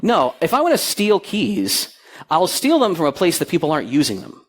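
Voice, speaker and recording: A middle-aged man gives a lively talk on stage at a security conference, telling stories to a hall audience and acting out the quoted dialogue. His voice is fairly high with a breathy edge, at a moderate pace.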